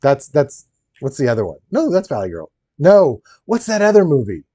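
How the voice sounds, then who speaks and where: A man's voice: a little high, wildly swooping pitch, normal speed, dark tone, no room sound. A man streaming live while building a Lego set, chatting casually and rambling, laughing often and answering his chat.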